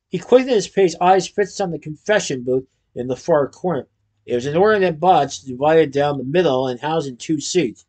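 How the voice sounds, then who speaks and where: A man narrating a children's story in an expressive storytelling manner. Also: a little high. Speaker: audiobook narrator. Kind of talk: scripted narration.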